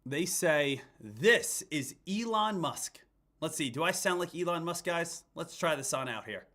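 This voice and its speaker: Energetic man hosting a trading stream. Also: on the high side, moderate pace. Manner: energetic, addresses viewers as traders. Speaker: host, stock trader. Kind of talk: live-stream market talk.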